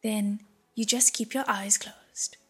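A breathy-voiced woman voicing a patient young male prince who speaks softly and soothingly, in an audiobook. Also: high-pitched, fairly even intonation, slow, exaggerated voice. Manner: soft and soothing.

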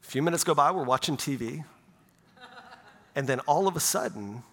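A man's voice: fairly high pitch, lively intonation, normal speed, a bit bright. A middle-aged male pastor preaching a sermon in a conversational way, often checking in with "right?". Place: church sanctuary. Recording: long church reverb.

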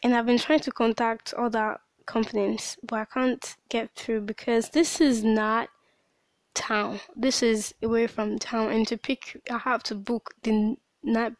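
On her personal diary podcast, a woman vents, upset and exhausted from crying, her sentences breaking off and starting over. Her slightly high voice holds a steady tone at an unhurried pace, and the recording is dry. She hosts the podcast and runs a small business.

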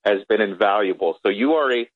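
A man's voice: lowish voice, brisk, husky, no echo. A man calling in as a critical care doctor, earnest and emotional. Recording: tinny phone line.

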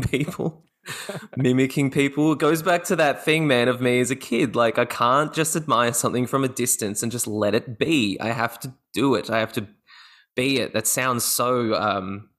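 A man with an Australian accent, a guest actor telling stories in a casual interview, lively and often laughing. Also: mid-range voice. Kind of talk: casual podcast interview chat.

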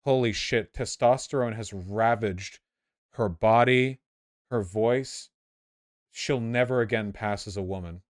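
A man streaming his reactions to clips, talking casually with a sarcastic edge and throwing in quick asides. His voice sits a bit low for a man. The sound is dry and close, with no room around it. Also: no echo. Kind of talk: casual commentary.

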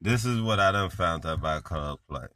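Very deep-voiced man, lively. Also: fairly quick, crowd noise. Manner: laughing, interjecting. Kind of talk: casual chat.

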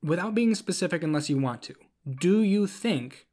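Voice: medium pitch, lively intonation, normal speed, darkish tone. A podcast co-host in casual sports chat, earnest and questioning.

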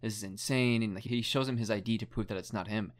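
Young man, lowish voice, casual storytelling, rambling, lots of fillers, casual swearing. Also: quick pace. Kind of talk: casual chat, retelling a documentary.

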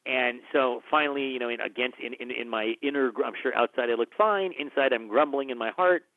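Man, film director guest, animated storyteller, acts out quotes, dry, phone-line sound. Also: medium pitch, a little fast, no echo. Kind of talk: conversational storytelling. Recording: dry, phone-like narrow band.

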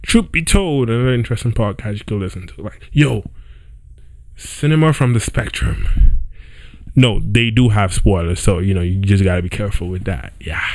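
Speaking at a normal speed, this young man has a lowish, slightly mellow voice captured in a dry recording. He hosts a podcast and loosely narrates a story, often saying "yo" and "right?", with a squeaky chair in his home setup.

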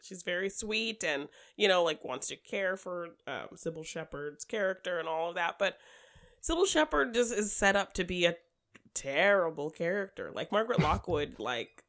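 This is a woman with a slightly low voice, talking in a loose, chatty way about movies. She laughs easily and keeps slipping into quick impressions of the characters she describes. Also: lively intonation, a bit bright. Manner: chatty, giggly, acts out characters' lines. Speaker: podcast co-host. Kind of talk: casual film discussion.

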